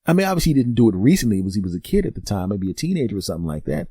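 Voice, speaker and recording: Man, podcast host, comic monologue, profane teasing, mellow dark voice, dry close sound. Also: on the low side, rapid-fire, husky, dry recording. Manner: animated storytelling, acting out both sides of conversations. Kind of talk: solo comedic podcast monologue.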